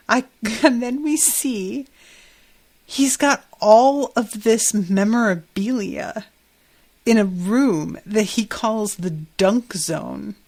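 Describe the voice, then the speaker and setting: A woman's voice: medium pitch, takes it slowly, a little mellow. A woman hosting a podcast, recapping a TV episode in a chatty, profane way and laughing often. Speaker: podcast host.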